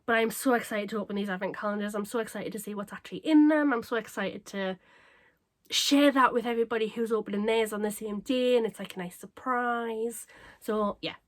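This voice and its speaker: A woman chatting casually to camera as a craft vlogger, bubbly and self-mocking, her voice a little croaky. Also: on the high side, a little fast. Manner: bubbly, excitable and self-deprecating. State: slightly croaky.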